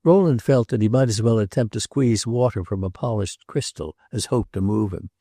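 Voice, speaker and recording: A man narrating a classic novel as an audiobook, in a measured, even literary reading. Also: on the low side, dry recording, studio quality.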